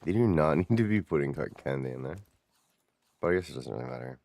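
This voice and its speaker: A man's voice: rumbling low, lively intonation, quick pace, vocal fry, a little mellow, no echo. A man streaming a game, chatting casually with viewers and swearing offhand as he plays. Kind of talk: casual gameplay commentary.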